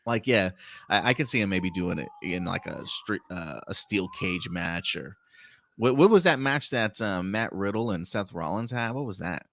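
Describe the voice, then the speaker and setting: A man's voice: deep voice, animated, normal speed, fairly bright tone. A man hosting a casual prediction podcast, talking in a laid-back, rambling way with many fillers. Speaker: podcast host. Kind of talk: casual chat.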